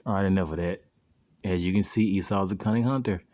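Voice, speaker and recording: A man's voice: low voice, quick pace, darkish tone, slight background noise. A man giving an informal Bible lesson in a rambling way, often asking rhetorical questions and answering them himself. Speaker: Bible teacher. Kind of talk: informal scripture lesson over video clips.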